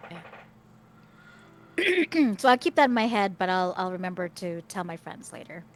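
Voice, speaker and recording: A woman's voice: lowish voice, sing-song, normal speed, slight background noise. A woman playing a tabletop game, casual and joking. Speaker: player.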